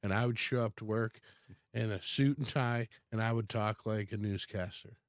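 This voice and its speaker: A man's voice: on the low side, fairly even intonation, normal speed, no echo, clean studio sound. A man co-hosting a casual podcast from a converted garage, talking in a rambling way with frequent restarts. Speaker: podcast co-host. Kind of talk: casual chat.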